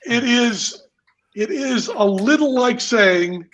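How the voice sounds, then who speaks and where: A man's voice: very high voice, expressive, takes it slowly, a bit bright, low-quality recording. A man telling stories as a podcast guest in a casual chat, emphatic, theatrical and sometimes profane.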